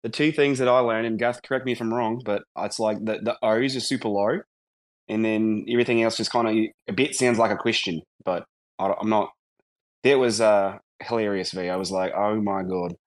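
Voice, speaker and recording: Laid-back man on an audio chat, low voice, rambling and amused. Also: fairly even intonation, normal speed. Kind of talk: casual chat.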